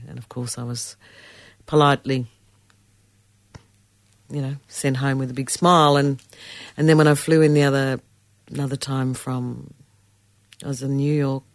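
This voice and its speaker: A middle-aged woman, a musician guest telling lively stories in a casual interview. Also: rumbling low, dry recording. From Australia. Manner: animated storyteller, acts out voices and laughs.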